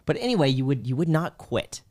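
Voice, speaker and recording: A man's voice: medium pitch, very animated, a little fast, a little mellow. A podcast host telling a joking story in casual chat with his guest.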